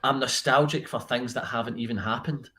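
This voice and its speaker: A Scottish man, a band member on a radio chat, speaking thoughtfully with halting restarts. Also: mid-range voice, steady tone, pushed and bright, slight background noise. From Scotland. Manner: thoughtful, halting, then earnest. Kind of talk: casual radio interview.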